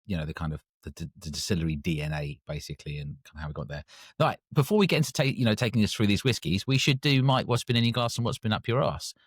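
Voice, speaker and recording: Man, lowish voice, chatty co-host, dry recording. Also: lively intonation, fast talker, husky, no room sound. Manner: chatty, trails off and restarts. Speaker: podcast co-host. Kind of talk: casual chat.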